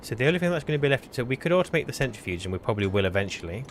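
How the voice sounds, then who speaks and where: A man's voice: mid-range voice, sing-song, very fast, slight background noise. A man live-streaming a co-op game, chatting casually and teasing his partner. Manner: chatty, self-correcting, teasing. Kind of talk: casual gameplay chat.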